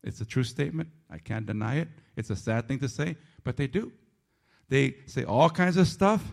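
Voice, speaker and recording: A man preaching a sermon as pastor of a church, animated and self-mocking, swinging between loud emphasis and low asides. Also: normal speed, gravelly.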